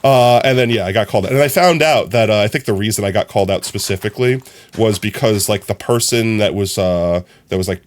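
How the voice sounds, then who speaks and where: A young man chatting casually on his live stream, telling stories in an animated, rambling way full of fillers. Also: on the low side, brisk. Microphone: streaming from a phone.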